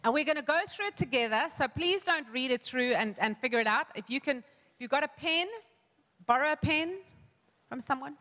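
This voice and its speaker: Woman pastor giving a sermon, bright voice, lots of restarts, echoey church hall. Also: high voice, moderate pace. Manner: storytelling with many restarts and quoted asides.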